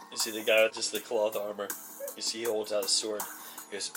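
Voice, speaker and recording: A man's voice: on the low side, little pitch movement, a little fast. Casual male game master, rambling narration, distant mic, music underneath. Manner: rambling, laughs often, many fillers. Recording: far from the mic, music behind.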